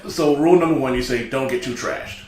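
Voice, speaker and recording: A man with a middle-pitched voice hosts a relaxed chat and drops dry, joking remarks between questions. His voice rings in a very echoey room, with a faint hum of ambience behind it. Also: brisk. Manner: joking, wry interjections. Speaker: podcast host. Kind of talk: casual chat.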